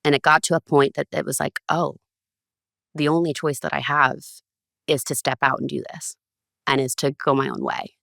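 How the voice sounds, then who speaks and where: A woman, a podcast guest, telling stories in a casual, animated way and acting out the lines of others with big jumps in pitch. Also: moderate pace, gravelly, dry recording, studio quality. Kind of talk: casual storytelling.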